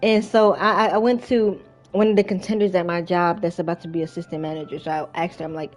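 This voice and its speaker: Casting note: young woman, casual storytime vlogger, rambling and chatty, soft music behind. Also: fairly low pitch, fairly even intonation, quick pace. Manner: chatty, rambling, frequent fillers. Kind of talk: casual storytime while playing a game.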